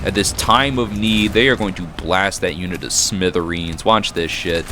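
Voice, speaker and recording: A man giving casual, excitable commentary over a strategy game battle, reacting with frequent exclamations. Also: low-pitched, moderate pace. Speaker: gaming commentator. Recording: noisy with battle sounds behind. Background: gunfire and battle noise from the game.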